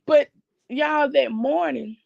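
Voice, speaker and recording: Casual story time from a middle-aged lady, super gravelly voice, dry lo-fi stream sound. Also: high-pitched, takes it slowly, no echo. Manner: chatty, retells others' words with "I said, he said". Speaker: family channel host. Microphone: streaming setup. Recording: dull lo-fi dry stream audio.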